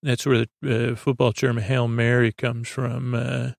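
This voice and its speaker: Male host, sleep podcast, halting low-key recap, dry close sound. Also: level tone, vocal fry, dry recording. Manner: halting, many fillers and restarts, low-key.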